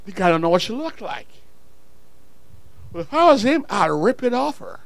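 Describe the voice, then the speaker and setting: Male pastor mid-sermon, high voice, animated delivery, dry recording. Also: normal speed, vocal fry, no echo. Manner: animated, swings from low asides to shouted exhortation.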